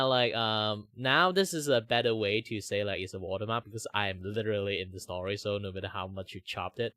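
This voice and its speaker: A Malaysian streamer chats casually and rambles on his stream, filling it with fillers and laughter. His lowish voice has a fairly bright tone, with no room sound.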